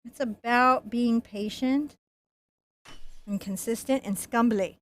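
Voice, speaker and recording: A woman gives a painting lesson, chatting playfully, joking and laughing as she paints. She speaks in a fairly high voice at a slow pace, pausing often.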